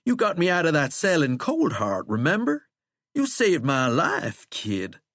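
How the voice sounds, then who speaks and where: Heavily acted by a male narrator, the cursed man in shackles drawls in a wry, coaxing, sardonic way, mocking and folksy, with huge pitch swings at a slightly slow pace. His raised, loud voice sits close on a dry mic without room sound, like an audiobook.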